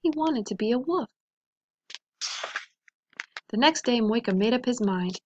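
A woman teacher reading a picture book aloud to children in a gentle, expressive storytelling voice. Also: on the high side, unhurried, highs cut off, slight background noise.

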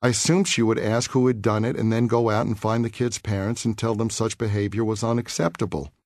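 A man from New York City reading his own memoir aloud for an audiobook, in a measured, earnest and reflective way. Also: lowish voice, steady tone, a little mellow, no echo, studio quality.

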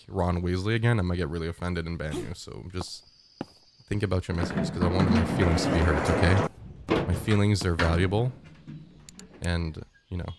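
A man streaming a game, chatting casually and joking as he reads chat messages aloud. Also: sits low.

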